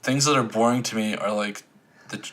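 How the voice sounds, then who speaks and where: A man's voice: on the low side, normal speed, a bit bright, slight background noise. A young man co-hosting a casual movie podcast, joking and playful. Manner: joking, playful, mock-emotional. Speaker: podcast co-host. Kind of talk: casual chat. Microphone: USB microphone.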